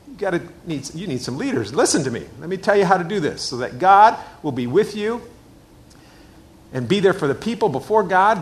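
A middle-aged man preaching a sermon in a church, emphatic and repeating his key phrases. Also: sits high. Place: church hall with a screen.

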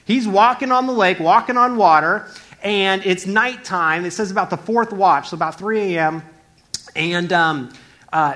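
Lively high-voiced young man preaching. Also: normal speed. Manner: animated, acts out voices in the story. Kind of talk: casual sermon storytelling.

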